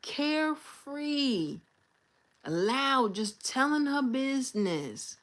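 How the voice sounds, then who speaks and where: Slow-talking young woman venting on a livestream. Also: high voice, sing-song, fairly bright tone. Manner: candid, slangy, unhurried venting to chat. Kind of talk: casual live-stream storytelling.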